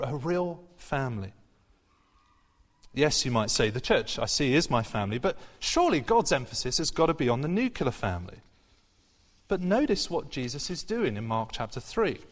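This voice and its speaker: A man's voice: medium pitch, a bit bright. A man preaching a sermon in an earnest, conversational way, with frequent fillers and restarts. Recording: long hall reverb.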